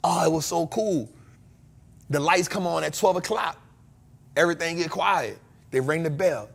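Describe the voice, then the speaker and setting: An American man hosting a casual chat, joking and breaking into loud exclamations. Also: fairly high pitch, a little fast, gravelly, pauses often, husky. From United States. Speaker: podcast host.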